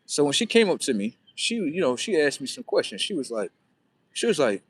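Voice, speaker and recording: A man's voice: fairly high pitch, fairly quick, breathy edge. A young man from Florida, rambling through a story as he walks, acting out what people told him. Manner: rambling, repeats himself, quotes others in lively voices. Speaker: vlogger. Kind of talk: casual storytelling while walking.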